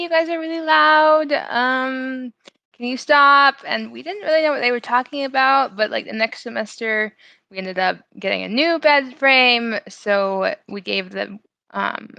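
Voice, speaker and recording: A woman's voice: medium pitch, creaky, sharp tone, no echo, lo-fi sound. A young woman co-hosting a casual chat, telling stories and laughing through them. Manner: giggly storyteller, laughs through her stories. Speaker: podcast co-host.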